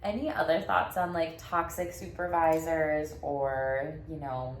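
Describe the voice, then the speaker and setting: A woman's voice: sits low, steady tone, unhurried. A woman who is a therapist hosting a casual chat, telling candid stories, swearing freely and laughing often. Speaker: podcast host, therapist. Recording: echoey room with faint noise.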